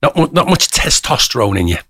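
A man's voice: medium pitch, sing-song, brisk, sharp tone, slightly rough, no echo, studio quality. A man, hosting a radio show and bantering casually with a co-host.

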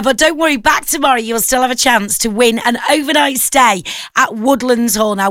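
A woman's voice: on the high side, expressive, fast, a bit bright, no room sound, clean studio sound. A woman presenting a morning radio show, chatty and enthusiastic, with rambling asides. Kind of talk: casual morning radio chat. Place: radio studio. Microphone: studio microphone.

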